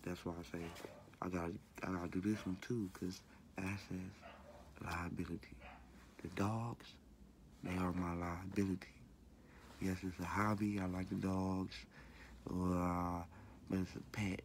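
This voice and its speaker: Man, low gravelly voice, rambling slangy vlog chat with faint room noise behind. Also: level tone, measured pace, long pauses. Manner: loose, repetitive, slangy and cussing. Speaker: vlogger. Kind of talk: casual talk to camera.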